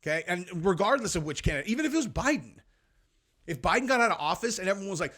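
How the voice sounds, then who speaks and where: A man's voice: sits high, expressive, very fast, a bit bright. Fired-up man ranting. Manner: emphatic, ranting, casual slang. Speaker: podcast host. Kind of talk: heated political commentary.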